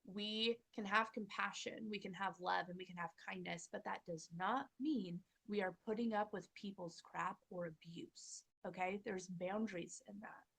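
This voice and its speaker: A woman's voice: medium pitch, fairly even intonation, moderate pace, gravelly, hardly any pauses, a bit bright, slightly rough. A woman hosting a parenting channel, talking earnestly to camera in a casual motivational style and acting out her own inner dialogue.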